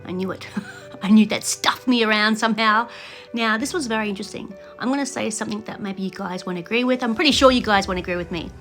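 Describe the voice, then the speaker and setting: A woman's voice: mid-range voice, a bit bright. A woman giving casual, opinionated reaction commentary on a reality show, laughing often and acting out what she would say.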